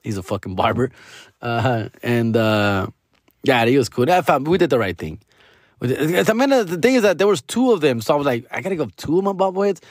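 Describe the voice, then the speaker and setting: Slangy comedian, lively voice. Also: male voice, medium pitch, moderate pace, no echo, clean studio sound. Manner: profane, slangy, drops Spanish words. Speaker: podcast host, comedian. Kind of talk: casual comedic storytelling.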